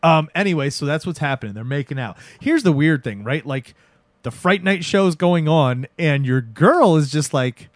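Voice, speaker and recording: A man's voice: fairly high pitch, normal speed, no room sound. A man casually recapping a horror movie in chat, telling it with energy and swearing, acting out the characters' lines. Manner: animated storytelling, swearing, acts out characters' lines.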